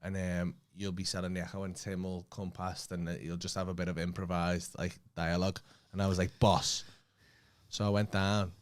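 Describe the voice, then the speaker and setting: A man with a Liverpool accent, a comedian co-hosting a podcast, telling a story in an animated way, swearing freely and acting out what other people said. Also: sits low, moderate pace, smooth. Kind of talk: casual anecdote telling.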